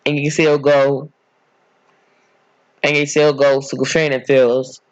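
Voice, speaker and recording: A man's voice: mid-range voice, level tone, measured pace, no room sound. A man casually narrating an improvised fan story, rambling and correcting himself as he goes, on a dull, dry recording.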